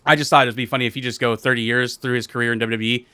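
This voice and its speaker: A man talking fast on a wrestling podcast, recorded dry and close. He gushes about his favorite wrestlers with excited, profane fan talk. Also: medium pitch, clean tone, no room sound. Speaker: podcast co-host. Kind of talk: casual chat.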